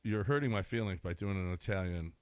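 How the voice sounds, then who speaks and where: A man's voice: deep voice, brisk. A man co-hosting a sports radio show, chatting loosely about the team, often breaking off and restarting his sentences. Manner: conversational, chuckling, breaks off and restarts. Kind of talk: casual sports talk. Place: radio studio.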